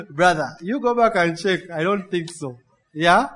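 A male preacher delivers a lively sermon. His voice sits fairly high for a man. He piles up words and keeps drawing his congregation in with quick questions. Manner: animated, call-and-response, piles up synonyms.

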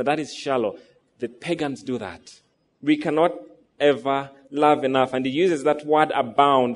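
A man in his thirties preaching a sermon to a congregation, asking them rhetorical questions as he goes. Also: fairly high pitch. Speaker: pastor.

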